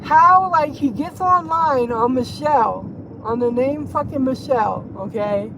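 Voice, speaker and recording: High-voiced woman ranting while driving. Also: measured pace. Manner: profane, rambling, laughing. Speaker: livestreamer. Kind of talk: casual gossip livestream while driving. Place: inside a car, driving. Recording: road noise behind.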